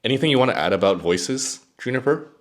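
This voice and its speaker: A man's voice: mid-range voice, animated, quick pace. A man hosting a casual tech review video, chatting with an AI assistant as he goes. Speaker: tech YouTuber.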